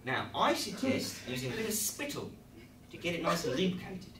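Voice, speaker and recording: A man plays a rambling host of a children's craft show, talking in a high, wildly swooping voice with fake-cheerful reassurance. He is caught from across a small, echoey comedy venue. Faint noise hangs under the recording. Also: sing-song, brisk, crowd noise. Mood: chirpy instructional. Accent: English. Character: bumbling male kids' craft-show host. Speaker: improv performer. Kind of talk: live improv comedy scene. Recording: roomy distant mic, live audience laughter.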